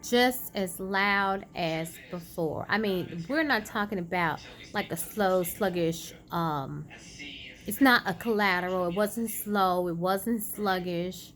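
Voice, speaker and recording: A woman vlogger casually retelling a personal story, chatty and animated, acting out quoted dialogue. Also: fairly low pitch, slow. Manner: many fillers and restarts.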